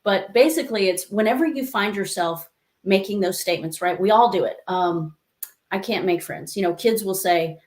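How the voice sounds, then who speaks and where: A woman life coach telling stories as an interview guest, lively and acting out the voices she quotes, with many asides to the listener. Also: medium pitch, normal speed. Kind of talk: conversational interview storytelling. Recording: echoey room.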